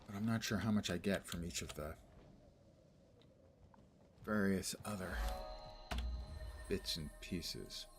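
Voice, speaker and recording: A man's voice: low voice, slow, pauses often, music in the background. A man livestreaming a game, talking to himself and his viewers in a casual, wry way with sarcastic asides. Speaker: gaming livestreamer. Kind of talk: casual gameplay commentary.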